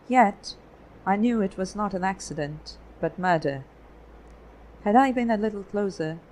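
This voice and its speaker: A woman voicing a calm, guarded photographer raised in Germany, telling his past in a measured way. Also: on the low side, a little hiss or hum, close to an everyday voice, low-quality recording. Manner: measured, explanatory storytelling.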